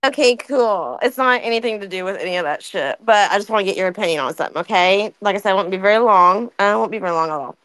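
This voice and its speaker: A woman's voice: mid-range voice, expressive, fast talker, few pauses, fairly bright tone, dry recording, rough recording. A woman calling into an online voice chat who talks in a hurry and keeps repeating reassurances. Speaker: caller. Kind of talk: casual voice chat.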